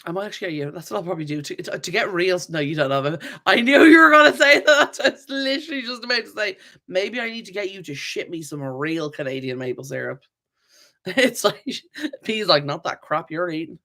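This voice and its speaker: A woman's voice: lowish voice, fairly quick, pushed and bright. A woman hosting a live-stream Q&A. She rambles in a chatty way, reads viewer comments aloud, laughs often and corrects herself mid-sentence. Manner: laughs often, many fillers and self-corrections. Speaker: channel host.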